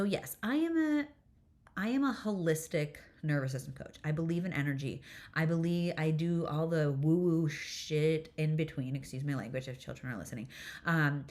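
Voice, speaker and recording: A woman's voice: low-pitched, darkish tone. A woman hosting a solo podcast, telling a candid parenting story in a chatty, self-deprecating way, laughing often and swearing casually. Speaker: podcast host, nervous system coach.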